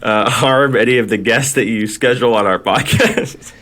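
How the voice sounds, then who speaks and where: A man's voice: mid-range voice, moderate pace, a bit bright, a little hiss or hum. A man hosting a podcast, teasing and joking with his guests in casual chat. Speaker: podcast host.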